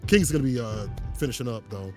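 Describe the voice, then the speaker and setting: Lively, hype esports commentator man. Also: mid-range voice, quick pace, music in the background. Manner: animated, hype, playful trash talk. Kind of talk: casual post-match esports commentary.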